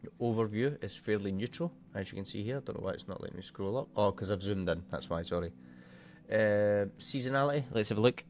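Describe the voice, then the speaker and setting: A man's voice: fairly low pitch, fairly quick, a little mellow, a little hiss or hum. A man coaching forex trading in a casual screen-share walkthrough, thinking aloud and swearing offhandedly.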